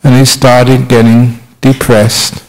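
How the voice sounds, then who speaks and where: Playful storytelling monk, mid pitch. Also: male voice, little pitch movement, takes it slowly, a little mellow, low-quality recording. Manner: playful storytelling, self-mocking humour. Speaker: Buddhist monk teacher. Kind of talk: humorous dharma talk.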